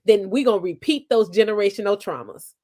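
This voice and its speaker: A woman's voice: medium pitch, lively intonation, brisk, mellow. A woman in her forties, an author being interviewed, reflecting earnestly on family and parenting as she tells her story. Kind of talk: conversational interview.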